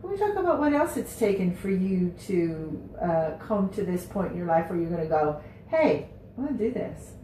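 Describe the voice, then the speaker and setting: A woman's voice: fairly low pitch, expressive, brisk, few pauses, dark tone, far from the mic, slight background noise. A woman hosting a radio show, chatty and rambling, often losing her train of thought. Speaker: radio host. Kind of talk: casual radio chat. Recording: roomy, off-mic.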